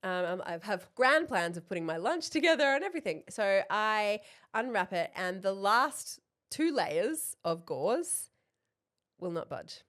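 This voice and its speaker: An Australian woman in her thirties co-hosts a podcast, telling a story in casual chat. She's animated and swears freely while acting out the dialogue, her voice medium in pitch and her pace measured.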